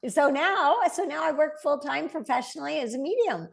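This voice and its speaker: A woman's voice: high voice, brisk, creaky. A woman in her forties, a medium and interview guest, telling stories conversationally and acting out the voices of the people in them. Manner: animated, quotes voices as she tells stories, laughs lightly. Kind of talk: conversational storytelling.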